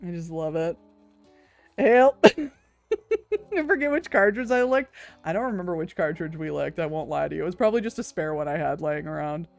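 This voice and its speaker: A woman's voice: lowish voice, sing-song, normal speed, gravelly, pauses often, dry recording, faint music behind. A woman, chatting casually with her stream viewers, laughing often, swearing freely and cooing over cute things.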